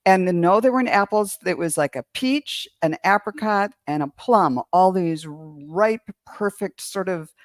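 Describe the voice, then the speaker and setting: A woman's voice: lowish voice, measured pace, hardly any pauses, dry recording, clean studio sound. A woman psychic medium giving a reading on a live stream, describing her visions in vivid detail. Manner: vivid and descriptive, building up imagery.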